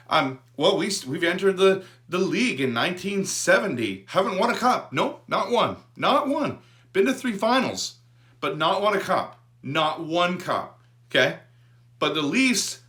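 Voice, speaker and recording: A man hosting a fan channel, ranting about a sports figure in an animated, repetitive way. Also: a little high. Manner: animated, repetitive, restarts words. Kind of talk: fired-up fan rant to camera.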